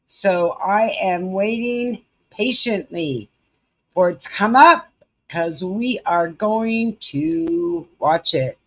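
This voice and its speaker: A woman's voice: mid-range voice, lively intonation, takes it slowly, a bit bright. A woman with a Southern US accent hosting a live stream from home, chatting folksily with viewers. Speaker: livestream host. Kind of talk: casual live commentary.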